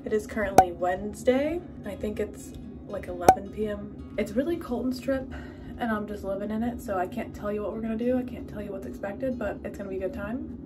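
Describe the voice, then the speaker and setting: A woman's voice: mid-range voice, a little fast, over loud music. A woman in her twenties chatting casually to camera as a vlogger, upbeat and full of filler words. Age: 20s. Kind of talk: casual vlog chat.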